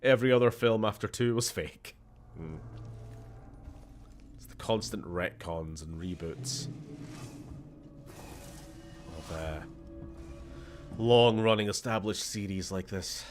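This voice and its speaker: A man's voice: lowish voice, a little slow, pauses often, faint music behind. A man with a Scottish accent giving casual, rambling let's-play commentary, laughing often and talking to the characters on screen. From Scotland. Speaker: gaming channel host.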